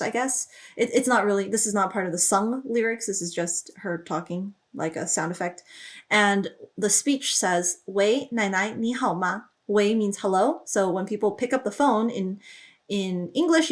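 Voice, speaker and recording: A woman explaining song lyrics as a language teacher, thinking aloud with small fillers and lifting her voice when she reads out each lyric line. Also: mid-range voice. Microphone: studio microphone.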